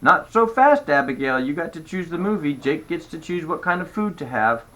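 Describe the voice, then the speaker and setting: A man's voice: on the high side, sing-song, moderate pace, fairly bright tone. An older man reading aloud and voicing a patient, reasonable father in a storybook.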